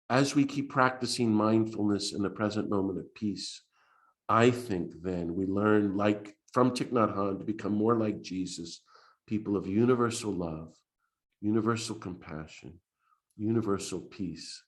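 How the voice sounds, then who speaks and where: A man with an American accent, a priest giving a spoken talk in an earnest storytelling way with frequent restarts. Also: lowish voice. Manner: earnest storytelling with restarts and lively quoted voices.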